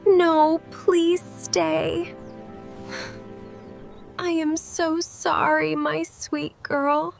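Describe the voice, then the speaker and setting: A woman voicing a gentle storybook mom. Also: very high-pitched, little pitch movement, extremely slow, gravelly, long pauses, soft background music, heavily acted. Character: caring mother of two young kids. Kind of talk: slow storybook reading.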